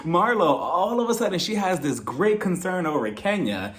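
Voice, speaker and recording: A man giving a casual recap of a reality TV episode, animated and full of sarcasm. His voice sits a bit high for a man, and he talks straight to his viewers. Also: moderate pace, hardly any pauses.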